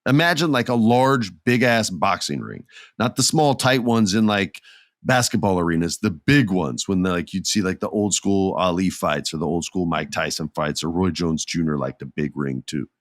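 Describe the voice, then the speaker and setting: A middle-aged man hosting a casual wrestling podcast, telling stories in an animated way and acting out the people in them. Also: low voice, moderate pace, no room sound, studio quality. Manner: animated storytelling with character voices. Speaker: podcast host.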